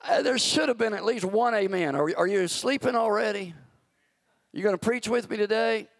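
A man's voice: high voice, animated, normal speed, vocal fry, dry recording, clean studio sound. A pastor preaching a sermon in a church, stretching out words for emphasis as his fervor builds. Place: church sanctuary. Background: soft background music.

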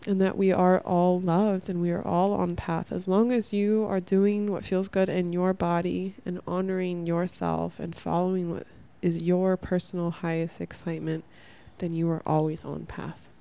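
A woman's voice: on the low side, level tone, normal speed, vocal fry, few pauses, warm tone, smooth. A young woman hosting a casual spiritual self-help podcast, rambling earnestly with lots of "like" and laughing at herself. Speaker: podcast host.

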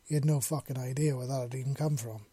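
Man reading a story out loud, dark husky voice, dry close sound, steady pace. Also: mid-range voice, fast, dry recording. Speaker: narrator. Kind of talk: story narration.

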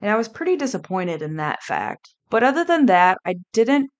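A woman hosting a podcast, candidly and reflectively telling a personal story in a relaxed, conversational way. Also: mid-range voice, normal speed. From Kansas City area. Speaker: podcast host.

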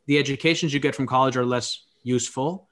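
A man's voice: medium pitch, steady tone, fast talker, fairly bright tone. Man musing philosophically aloud. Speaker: podcast creator as guest. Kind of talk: reflective conversational talk.

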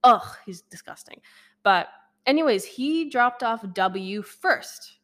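A young adult woman telling a personal story in a casual vlog, rambling and animated, with frequent swearing and laughter. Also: fairly high pitch, takes it slowly.

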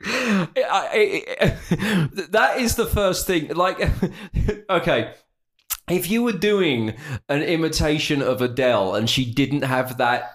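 A British man with a slightly raised pitch co-hosting a podcast chat. He rambles fast, repeats words as he restarts his sentences, and lays out opinions freely. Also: expressive. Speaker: podcast co-host. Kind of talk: casual chat.

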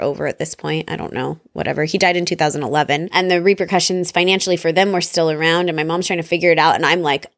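Energetic woman podcaster telling her story. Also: medium pitch, dry recording, studio quality. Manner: energetic, rambling, self-interrupting. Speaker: podcast host and salon business coach. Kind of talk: casual storytelling monologue.

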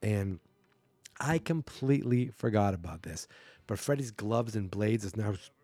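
A man's voice: lowish voice, expressive, measured pace, mellow, no room sound. A man hosting a podcast, casually recapping a horror film scene by scene, joking and acting out characters' lines. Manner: chatty, jokey, acts out characters' lines. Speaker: podcast host.

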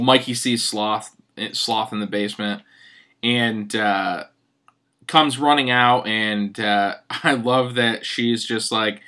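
A man talks through a film he loves in a loose, rambling way, full of fillers and the odd curse. His voice is smooth and clear, of middling pitch, and recorded close and dry with no room sound. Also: bright, forceful tone, dry recording. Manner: rambling, lots of fillers, laughs and swears. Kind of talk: casual film recap.

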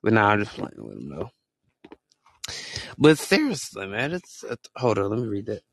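A man chatting on a casual podcast, his voice jumping all over the place with sudden squeaky exclamations as he tells a story in slang. The mic is close and dry, with no room sound. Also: huge pitch swings, normal speed, vocal fry, no room sound. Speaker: podcast co-host.

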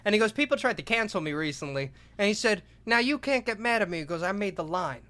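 A man co-hosting a podcast, retelling comedy bits in a loud, animated way and swearing a lot. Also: high voice, fast talker, no echo. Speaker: podcast co-host.

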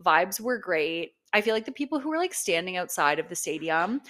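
A woman's voice: fairly low pitch, sing-song, fairly quick, a bit bright. A young woman co-hosting a podcast in casual chat, gushing and swearing freely, with lots of "like" and "um". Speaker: podcast co-host.

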